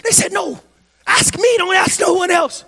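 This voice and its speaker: A man preaching a sermon as pastor, swinging from quiet talk to shouted, sing-song cadences. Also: very high voice, normal speed. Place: church sanctuary.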